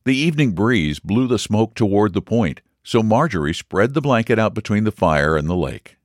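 A man reading a story aloud in a measured, expressive narration. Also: on the low side, no echo, clean studio sound. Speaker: audiobook reader. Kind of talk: scripted narration.

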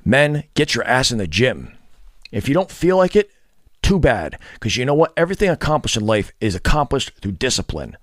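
A man rants to camera in a blunt, profane, scornful lecture, his pitch swinging widely as he mocks and scolds. The sound is close and dry, with no room around it. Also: very animated, normal speed, no room sound. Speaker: fitness and dating vlogger. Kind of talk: blunt ranting monologue.

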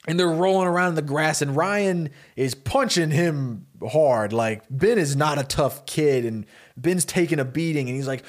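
A man co-hosting a podcast, telling a story in a loose, rambling, animated way with many fillers. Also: fairly high pitch, normal speed. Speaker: podcast co-host. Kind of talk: casual storytelling pitch.

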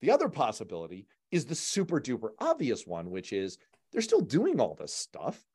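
A man's voice: medium pitch, wildly swooping pitch, moderate pace, a little mellow, husky. A man hosting a casual political chat in a chatty, long-winded way. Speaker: podcast host.

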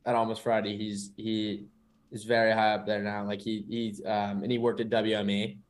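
A man's voice: fairly low pitch, monotone, moderate pace. A young man co-hosting a podcast, chatting casually and rambling with many restarts. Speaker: podcast co-host. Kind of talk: casual chat.

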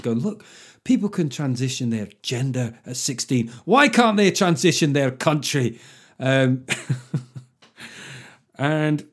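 A man hosting a solo comedy podcast, riffing in a chatty, sardonic way with puns and quick mock voices. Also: medium pitch, darkish tone.

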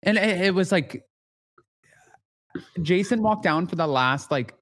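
A man's voice: sits high, expressive, a little slow, a bit bright. A man hosting a casual recap podcast, chatty and gossipy, filling his talk with "like". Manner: chatty, gossipy, heavy use of "like". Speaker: podcast host.

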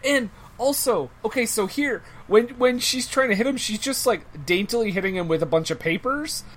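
A woman's voice: on the high side, expressive, moderate pace. A woman co-hosting a podcast, giggling and rambling through a casual movie chat. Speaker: podcast co-host. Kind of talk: casual movie-talk banter.

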